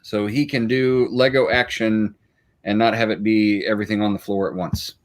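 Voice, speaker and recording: A man chatting casually on a video call, giving a relaxed, upbeat update. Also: lowish voice, moderate pace.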